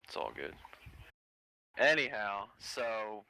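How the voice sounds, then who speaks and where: A man playing a tabletop game, swearing constantly in a brash, excitable casual chat. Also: fairly low pitch, slow pace, gravelly, clean tone, no room sound, poor audio. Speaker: player.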